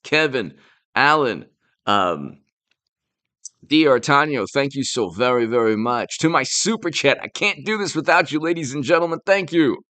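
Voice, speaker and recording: A man's voice: medium pitch, expressive, normal speed, bright, forceful tone, no room sound. A man doing a casual political live stream, rambling and sarcastic, stopping to thank viewers who send donations. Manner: rambling, sarcastic, thanks super chat donors mid-talk.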